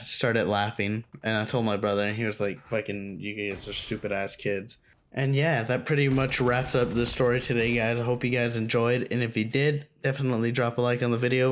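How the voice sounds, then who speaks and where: A man's voice: mid-range voice, slight background noise. A young man telling a story from his school days in a casual, rambling, profane way, full of fillers like "like". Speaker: storytime vlogger.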